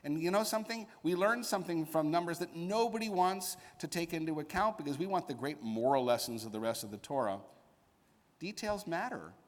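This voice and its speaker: A man serving as rabbi, speaking a sermon to a bar mitzvah boy in a conversational storytelling way with pauses for emphasis, in a synagogue sanctuary. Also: on the high side, lively intonation. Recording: echoey sanctuary with long reverb.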